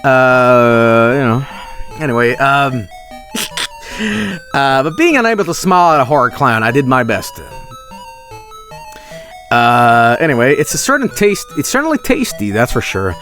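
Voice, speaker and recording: A man streams a text adventure, reading the story aloud and riffing on it with loose, cussing jokes. His pitch is lively and wide-ranging, and faint game music plays in the background. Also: a little slow, long pauses. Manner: loose, joking, restarts and swears.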